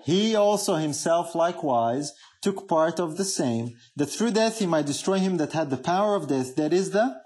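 A man's voice: fairly high pitch, lively intonation, moderate pace, hardly any pauses, darkish tone. A man preaching a sermon, emphatic, often asking the congregation questions.

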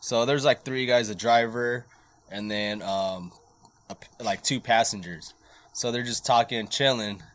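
A man's voice: medium pitch, a little slow, a bit bright. A young man casually telling a ghost story to friends, slangy and laid-back, swearing often.

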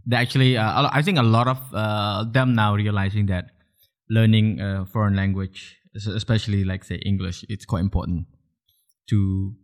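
Male podcast host, low-ish voice, loose and chatty. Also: steady tone, normal speed. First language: Khmer. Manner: chatty, many restarts and "like" fillers, bursts of laughter. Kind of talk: casual interview chat.

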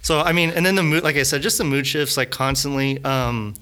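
A man's voice: mid-range voice, brisk, pushed and bright. A man chatting casually on a podcast, rambling and restarting his sentences, often breaking into laughter. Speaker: podcast co-host reviewing a film. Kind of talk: casual chat.

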